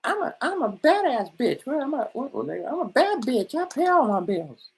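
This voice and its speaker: A man voicing a sassy, profane working-woman caricature in a high, squealing put-on voice. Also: wildly swooping pitch, normal speed, vocal fry, breathy edge, exaggerated voice. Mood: mocking.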